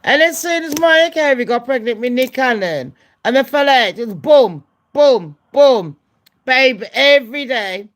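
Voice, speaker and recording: A woman's voice: sits high, expressive, a little slow. A woman, hosting her channel and gossiping in a loose, profane way, often laughing at her own jokes. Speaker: channel host. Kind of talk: casual gossip chat.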